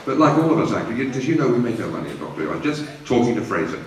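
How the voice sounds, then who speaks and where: A man's voice: medium pitch, very animated, racing, slight background noise. Sex: man. Style: joking convention talk in an echoey hall, heard from far off. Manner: jokey, self-mocking, laughs at own jokes. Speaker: convention guest actor. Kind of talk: stand-up jokes and fan Q&A. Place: large event hall in a hotel.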